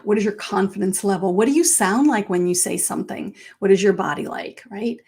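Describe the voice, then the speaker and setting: Brisk and gravelly with a darkish tone, this middle-aged life coach addresses viewers in a chatty way. Quoted lines get acted out through sharp jumps in pitch.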